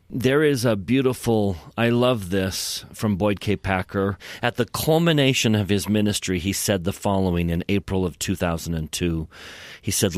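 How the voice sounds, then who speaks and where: Male podcast guest, low-pitched and unhurried, earnest and emotional scripture storytelling, dry studio sound. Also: no echo. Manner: earnest, emotional, drops to soft hushed tones. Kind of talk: devotional storytelling.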